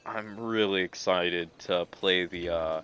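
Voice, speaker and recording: A man's voice: low-pitched, fairly even intonation, takes it slowly, background noise. A young man giving rambling, enthusiastic let's-play commentary while gaming. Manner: rambling, filler-heavy, enthusiastic. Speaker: gaming video creator.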